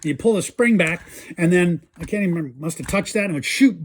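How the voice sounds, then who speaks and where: A man with a high voice and lively intonation talks at a quick pace while hosting a casual show-and-tell about old toys. As a toy collector, he is chatty and enthusiastic, imitating the toys' sounds.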